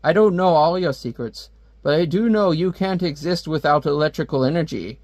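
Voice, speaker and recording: A man's voice: on the high side, normal speed, darkish tone, no room sound, clean studio sound, natural voice. Doctor Strange, a man doing a gloating villain. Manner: theatrical, monologuing. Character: gloating male supervillain scientist, scheming father.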